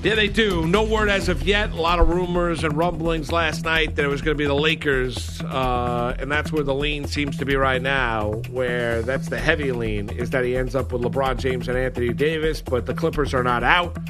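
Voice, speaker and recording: A male sports radio co-host talks in a halting, casual way, full of fillers and false starts. He speaks close to a studio microphone. A faint music bed plays beneath his voice. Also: mid-range voice, steady tone. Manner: hesitant, many fillers and restarts.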